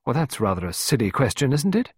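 A man voicing a composed young wife in a storybook reading, speaking in a crisp, clipped, indignant way. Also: mid-range voice, big pitch swings, quick pace, no room sound, voice pushed up. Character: sharp composed young wife, quick to rebuke.

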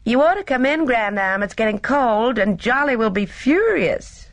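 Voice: mid-range voice, animated, normal speed, no echo, pitched above the performer's own voice, lightly acted. A reader voicing a young woman calling to her grandmother from across a terrace. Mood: urging. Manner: bright, calling across a distance. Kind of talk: audiobook character reading.

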